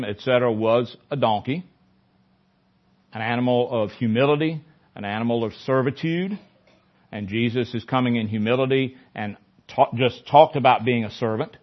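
A man leading a Bible study in a conversational teaching style, often repeating phrases for emphasis. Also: medium pitch. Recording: dull lo-fi recording.

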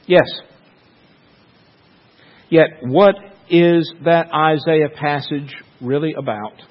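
A male pastor delivers a sermon at an unhurried, measured pace, letting phrases hang between dramatic pauses. His voice sits at an ordinary pitch, slightly muffled, and trails off into a long hall reverb.

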